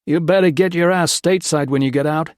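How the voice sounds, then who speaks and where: A man doing an easygoing soldier, raised a little above his own voice, calm and plain. The sound is dry and close. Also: a little high, fairly quick, no room sound, pitched above the performer's own voice, close to an everyday voice. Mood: easy. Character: steady Texan soldier prisoner.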